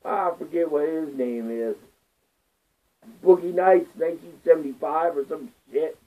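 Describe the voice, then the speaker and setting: Male vlogger, high voice, rambling profane rant, slow delivery, phone-like sound. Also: mellow. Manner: rambling, crude, repeats filler curses. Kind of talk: profane ranting monologue. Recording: tinny phone-like lo-fi audio.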